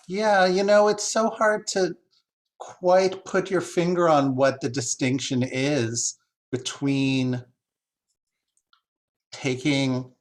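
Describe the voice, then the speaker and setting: A man's voice: on the high side, little pitch movement, slow pace, long pauses. Musing, hesitant male translator. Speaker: translator and guest speaker. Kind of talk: discussion talk, thoughtful.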